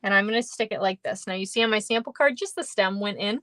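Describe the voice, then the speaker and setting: A papercraft demonstrator hosts a live-stream card-making tutorial, chatty and upbeat, thanking viewers by name as she works. Her mid-range voice is quick and a bit bright, recorded dry.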